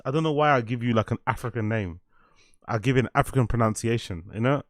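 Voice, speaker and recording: A man's voice: medium pitch, fast talker, no echo. Young man, casual streamer, swears a lot, mid voice, dead-dry sound. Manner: laid-back, swearing, laughs often, reads chat aloud. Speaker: livestream host. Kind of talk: casual livestream chat.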